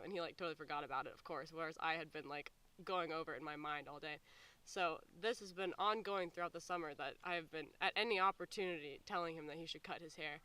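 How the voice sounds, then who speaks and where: High bright man, clear voice, camp staffer, animated telling with hushed asides. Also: quick pace. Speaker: summer camp staff member. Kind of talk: casual anecdote to camera.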